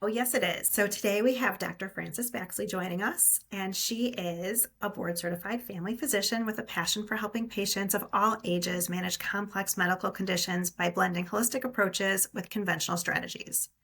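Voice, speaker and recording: A woman co-hosting an interview podcast, upbeat and playful in her delivery. Her voice sits at a middle pitch with a gravelly, creaky texture. She leads the conversation with easy enthusiasm. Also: fairly even intonation, brisk, hardly any pauses, a bit bright. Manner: upbeat, playful, introduces guest at length. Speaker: podcast co-host.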